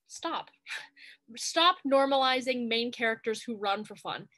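A woman's voice: on the high side, expressive, a little slow, bright, forceful tone. A woman co-hosting a podcast, chatting casually and animatedly as she recaps a TV movie and quotes its scenes in playful voices. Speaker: podcast co-host.

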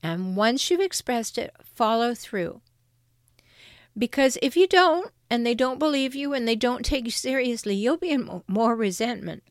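A woman coaching her listeners through relationship troubles in an earnest, encouraging voice. She sits a little high in pitch and stresses her key points firmly. The recording is dry, with almost no room sound. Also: expressive, moderate pace, dry recording. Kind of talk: direct-to-camera advice talk.

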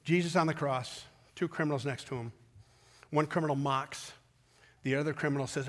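Male pastor, high-pitched, delivering a sermon with dramatic pauses and rising emphasis. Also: fairly even intonation, fairly bright tone. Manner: retells a story with quick asides.

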